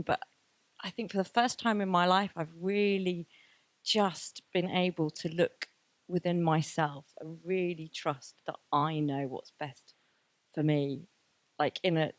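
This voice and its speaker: Woman in her thirties, low voice, candid and emotional, dry close sound. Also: moderate pace, no room sound. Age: 30s. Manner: candid, emotional, many fillers. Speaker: graduation speaker. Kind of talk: personal testimony talk.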